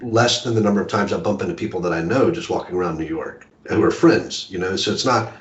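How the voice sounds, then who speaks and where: Man, author guest, rambling and self-deprecating, low voice, echoey room, dull audio. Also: fast talker. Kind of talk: casual conversation. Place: home in a city apartment. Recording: roomy, dull video call audio.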